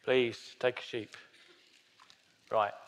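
A man's voice: mid-range voice, little pitch movement, very slow. A man preaching a sermon to a congregation, chatty and joking with the people in the room. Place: church hall with a congregation. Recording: long hall reverb.

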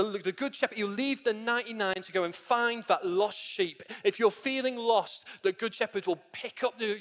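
A man's voice: high voice, fairly bright tone, big-room sound. A man preaching a sermon in a church, earnest and repetitive, calling his listeners friends and guys. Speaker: pastor.

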